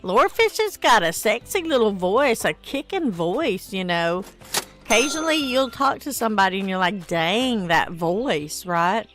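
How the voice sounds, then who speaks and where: A woman's voice: mid-range voice, expressive, a little slow, a bit bright. A tired woman streaming a game, chatting casually and reading viewer comments aloud. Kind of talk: casual gameplay stream chat.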